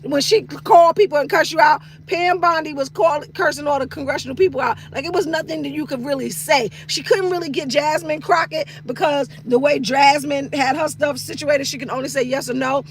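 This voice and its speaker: On a live stream talk segment she hosts, a middle-aged comedian from East New York, Brooklyn, rants casually for laughs in a bright, high voice. She's animated and profane, circling back to her own phrases and acting out small asides, talking fairly quickly with few pauses while faint noise sits beneath her.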